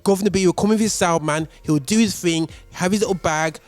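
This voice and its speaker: Man hosting, high-pitched, lively, dry close sound, faint music underneath. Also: fairly quick, no room sound. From West Midlands, England. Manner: animated, chatty, lots of fillers. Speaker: radio host. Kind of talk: casual chat.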